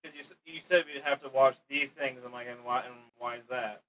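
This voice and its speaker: A man's voice: medium pitch, steady tone, a little fast, a bit bright, low-quality recording. A man joining casual gaming banter with quizzical questions and goofy interjections. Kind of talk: casual chat while gaming.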